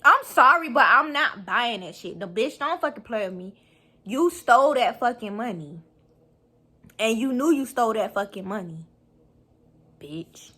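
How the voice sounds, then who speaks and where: Fiery, expressive woman vlogger. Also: a little high, unhurried, pauses often, slightly rough. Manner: heated, profane, laughing outbursts. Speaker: YouTube reaction vlogger. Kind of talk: casual reaction commentary.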